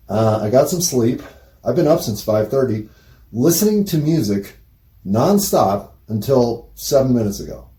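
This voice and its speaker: A man muses aloud in a rambling solo audio diary, drawing his words out slowly. His voice is mellow and dark. Now and then he stops to say "pause" and "unpause" to himself. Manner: jumps into high playful tones for jokes.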